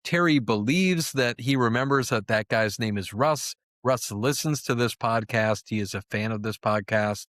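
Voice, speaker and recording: A man's voice: medium pitch, moderate pace, few pauses, a bit bright, no room sound, clean studio sound. Profane rambling podcast co-host, a man. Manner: rambling and profane, full of fillers. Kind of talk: casual chat.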